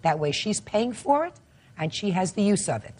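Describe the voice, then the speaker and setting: A woman's voice: mid-range voice, sing-song, a little mellow. An older woman presiding as a TV court judge, firing blunt questions and issuing rulings. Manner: blunt, rapid-fire questioning.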